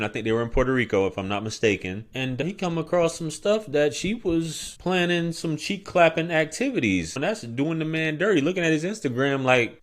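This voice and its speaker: Male host, relaxed conversational commentary that speaks straight to the audience, mid-range voice. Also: mid-range voice. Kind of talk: casual reaction commentary.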